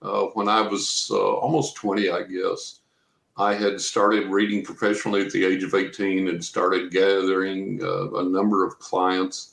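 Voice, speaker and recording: A low-voiced man from Texas speaks at normal speed with little pitch movement, vocal fry, and a fairly bright tone. He's an interview guest and professional psychic reader, rambling through a personal story and acting out quotes, recorded with roomy echo.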